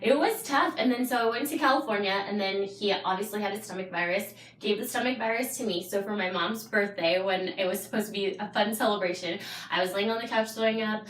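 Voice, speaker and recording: A young adult woman, a podcast guest, telling a personal story in casual chat with lively bursts and frequent laughter. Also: medium pitch, quick pace, few pauses. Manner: animated storyteller, laughs often. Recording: roomy, distant mic.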